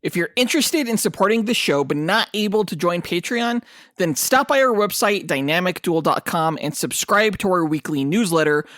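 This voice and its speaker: An enthusiastic man co-hosting a comic book podcast, chatting eagerly about upcoming projects. His voice sits a bit higher than most men's. The sound is close and dry. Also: expressive, normal speed, a bit bright, no echo. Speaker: podcast co-host. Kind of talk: casual podcast chat.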